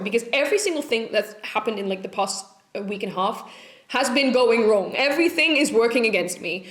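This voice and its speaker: A woman's voice: medium pitch, reverberant. A young woman talking casually to her camera at home, rambling and candid, swearing often as she talks through a sad week. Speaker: vlogger. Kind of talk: casual vlog chat. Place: home room.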